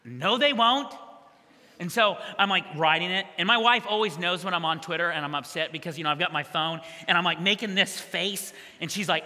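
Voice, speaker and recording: A man preaching a sermon as pastor, conversational and energetic with quick asides to the congregation. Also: high-pitched. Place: church hall. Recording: long church hall reverb.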